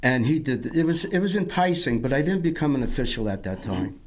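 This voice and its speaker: A man's voice: mid-range voice, big pitch swings, brisk. Man telling his life story. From Yonkers, New York. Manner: rambling, repeats words, acts out others' lines. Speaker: interview guest. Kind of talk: storytelling interview.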